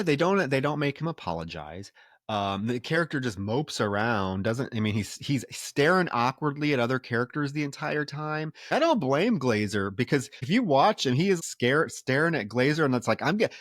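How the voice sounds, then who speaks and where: A man's voice: mid-range voice, very animated, moderate pace, no echo, clean studio sound. Blunt, profane podcast guy. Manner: blunt and profane, acts out characters' lines. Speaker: podcast co-host. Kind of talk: casual film review chat.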